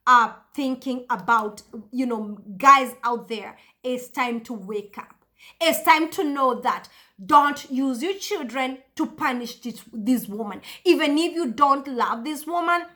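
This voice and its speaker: A woman vlogger talks to camera in a passionate, emphatic way and repeats her points. Her voice is high and bright. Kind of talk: casual monologue to camera.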